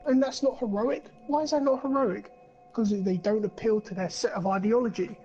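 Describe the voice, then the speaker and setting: A man's voice: high voice, normal speed, dark tone, muffled recording, soft background music. A man co-hosting a podcast, ranting in casual chat, swearing a lot and rambling with plenty of fillers. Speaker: podcast co-host.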